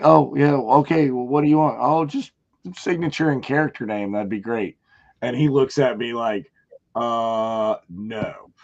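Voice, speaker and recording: A man co-hosting a casual fan chat, telling convention stories with animated acted-out quotes and laughs. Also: mid-range voice, lo-fi sound. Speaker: co-host of a fan watch-along show.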